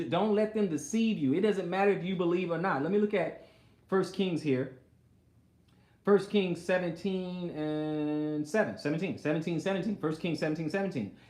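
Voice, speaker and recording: A man's voice: a little high, a little mellow. A man preaching a sermon, reading scripture aloud and then retelling it in everyday speech, sometimes acting out the people in the story. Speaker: pastor. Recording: roomy echo.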